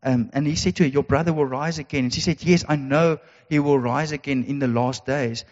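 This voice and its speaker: A man's voice: mid-range voice, steady tone, brisk, a little mellow. A man preaching a sermon, earnest and repetitive, with emphatic rhetorical questions. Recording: dull sound in a reverberant hall.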